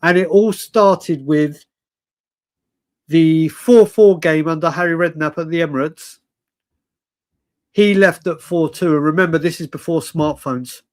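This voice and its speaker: A man's voice: fairly high pitch, measured pace, long pauses. A tired man hosting a late-night live fan stream, ranting chattily with frequent stammers and restarts. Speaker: fan podcast host.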